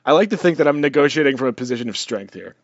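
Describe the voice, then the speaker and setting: A man's voice: mid-range voice, lively intonation, fast, no room sound, muffled recording. A man who is a guest on a casual comedic podcast, dry and self-deprecating, calling in from outside the studio. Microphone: remote, not in the studio.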